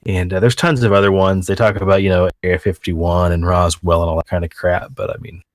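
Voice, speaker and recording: A man with a lowish voice hosting a casual podcast chat, crude and joking as he rambles through stories. The sound is dry and close, with no room around it. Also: little pitch movement, fairly quick, no room sound. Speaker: podcast host.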